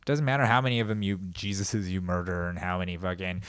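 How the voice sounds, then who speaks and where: A man's voice: low voice, fairly even intonation, fast, smooth, no echo. Sarcastic rambling man on a podcast. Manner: rambling, sarcastic riffing with frequent laughs; swings between loud outbursts and mumbled asides. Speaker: podcast host. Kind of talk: comedic monologue.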